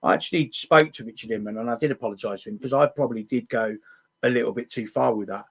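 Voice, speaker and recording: A man's voice: mid-range voice, fast, creaky, husky. Blunt stammering male stream host. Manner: blunt, stammering restarts, swears. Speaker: livestream host. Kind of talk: casual live chat.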